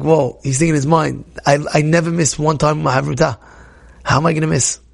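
A young man tells a religious story to a class in a gravelly, rough-edged voice. He gets excitable, stumbles over repeated words and acts out the people he quotes. His voice sits a touch higher than most men's. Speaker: Torah teacher.

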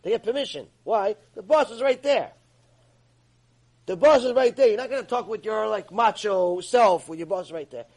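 A man with a high, husky voice gives a religious ethics lecture. He talks in an emphatic, scolding way and acts out the voices of the people he quotes. He speaks as a teacher pressing a point on his class. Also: normal speed, a little mellow, poor audio. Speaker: Torah teacher.

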